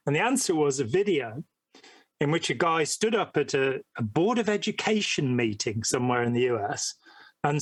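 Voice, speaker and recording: A man talking as a podcast guest in a loose, rambling way, stopping often to search for words. His voice sits a little high. The recording is dry, with no room echo. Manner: rambling, hesitant, many ums. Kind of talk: conversational podcast interview.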